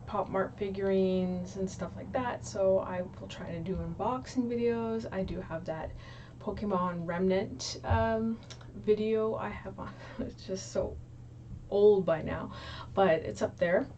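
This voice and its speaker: A woman's voice: mid-range voice, a little slow, warm tone, dull audio, a little hiss or hum. A young woman chatting casually to her viewers, filling her talk with ums and likes, recorded in a small room. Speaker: YouTube creator. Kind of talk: casual chat to camera. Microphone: low, distant mic. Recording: distant mic in small room.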